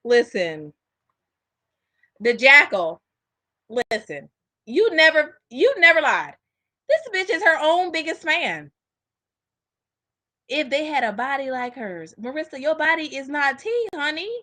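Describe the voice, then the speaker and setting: A woman's voice: high-pitched, very animated, unhurried, pauses often, bright, forceful tone. A woman giving blunt, mocking reaction commentary.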